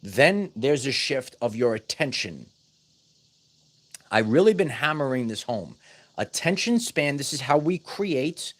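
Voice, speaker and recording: A man speaking straight to his audience about spiritual growth, at a middling pitch. He talks emphatically, stumbling over and repeating words as he presses his points home. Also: sing-song, a little slow. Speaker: spiritual wellness vlogger. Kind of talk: casual spiritual teaching monologue.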